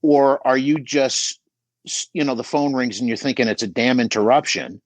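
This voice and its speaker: A man's voice: medium pitch, moderate pace, no room sound. A middle-aged man giving emphatic coaching advice on a podcast, often checking in with "right?". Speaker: business coach guest.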